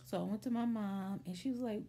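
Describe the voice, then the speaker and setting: A woman's voice: medium pitch, fairly quick, a little hiss or hum. A woman telling a childhood story in a casual, chatty storytime vlog, acting out the voices of the people in it. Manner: chatty, animated, acts out voices in quotes.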